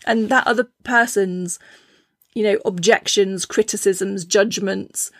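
A woman talks in a chatty, easygoing way, often restarting her sentences and slipping into lively voices when she quotes people. Her voice sits at a middle pitch, and the recording is dry and close with no room sound. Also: a little slow, dry recording. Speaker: podcast host. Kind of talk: casual spiritual talk.

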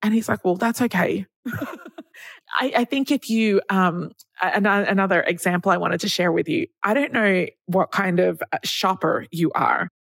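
A woman's voice: fairly low pitch, normal speed, creaky, fairly bright tone, no room sound. A woman hosting a solo podcast, talking in a chatty, candid way and acting out the people she quotes. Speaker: podcast host.

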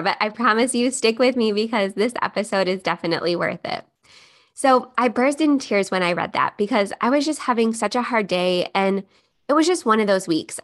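A woman's voice: mid-range voice, a bit bright. A woman in her thirties hosting a solo podcast, talking in a heartfelt, emotional way. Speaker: podcast host.

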